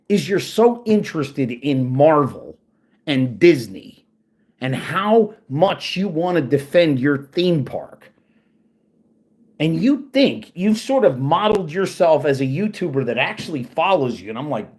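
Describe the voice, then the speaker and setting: A man's voice: a little high, sing-song, a little slow, darkish tone, slightly rough. A man hosting his own channel, venting in a profane, angry and sarcastic casual rant while working at his computer. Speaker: channel host.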